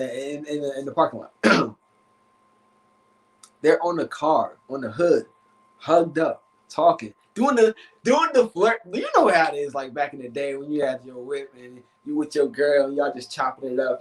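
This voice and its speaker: A man, a relationship coach, telling a story on a live stream in a casual, animated, profane way. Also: mid-range voice, poor audio. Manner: animated, profane, acts out voices in his story.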